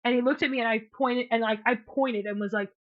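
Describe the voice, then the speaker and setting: Woman podcast co-host, chatty storyteller, slightly high voice, muffled lo-fi sound. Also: fast. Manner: animated storyteller, acts out quotes, swears. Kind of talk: casual storytelling chat. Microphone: podcast mic, remote call.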